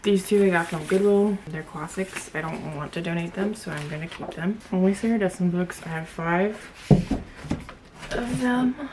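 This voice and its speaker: A woman's voice: fairly low pitch, normal speed, noisy background. A young woman vlogger chatting casually to camera, blunt and opinionated, laughing often.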